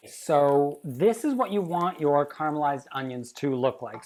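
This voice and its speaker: Brash low-voiced woman hosting cooking. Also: darkish tone, a little hiss or hum. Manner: brash, swears freely, teasing insults at viewers. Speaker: cooking show host. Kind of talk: casual cooking demonstration.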